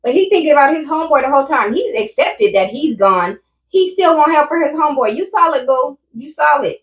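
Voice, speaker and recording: A woman hosts a reaction commentary and speaks straight to her viewers, emphatic and given to repeating herself. Her voice sits high. She sounds a little distant from the mic in a roomy space. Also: animated, fairly quick. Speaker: commentary host.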